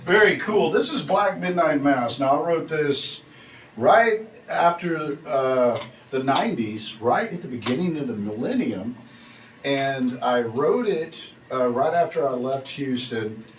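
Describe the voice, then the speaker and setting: A man's voice: medium pitch, expressive, slow, soft background music. A middle-aged man, a drummer and songwriter telling the story behind a song in a chatty, rambling way. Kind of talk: casual talk to camera. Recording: roomy, far from the mic, faint hiss.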